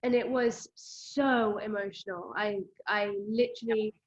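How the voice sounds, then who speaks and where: Woman host, lively storyteller, slightly muffled recording. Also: mid-range voice, a little slow. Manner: animated, quotes herself in lively bursts. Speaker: running coach and podcast host. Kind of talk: emotional conversational storytelling. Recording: slightly dull lo-fi audio.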